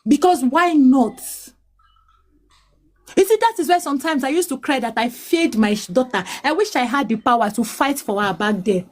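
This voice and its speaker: A Nigerian woman in her late thirties with a high, bright-pitched voice tells her hard life story, slipping between English and Pidgin. She pleads and restarts often, her words tumbling out with feeling. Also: animated, normal speed. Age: 30s. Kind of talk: emotional personal testimony.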